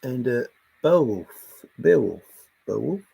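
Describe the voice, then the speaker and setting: Casting: male streamer, gravelly and husky, loose rambling chat with frequent laughs. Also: medium pitch, very animated, slow pace, dark tone. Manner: chatty, laughs often, wanders between topics. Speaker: livestream host reading chat.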